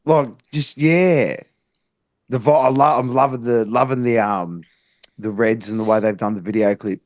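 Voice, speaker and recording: A man's voice: mid-range voice, moderate pace, a little mellow, no room sound. A man co-hosting a casual music reaction, chiming in with short, keen agreements.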